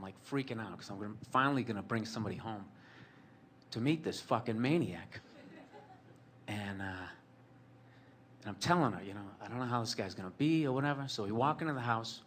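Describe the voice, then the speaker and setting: A man spins a rambling personal story, sardonic and profane, leaning on fillers as he goes. His voice sits at an ordinary middle pitch for a man. There is a faint hiss of noise behind him. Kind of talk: storytelling monologue.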